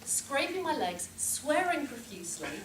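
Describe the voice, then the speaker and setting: A woman giving a humorous club speech, telling a story with lively shouted reenactments. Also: high-pitched, measured pace. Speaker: contest speaker. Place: club meeting room with audience. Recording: echoey room from far off, noisy.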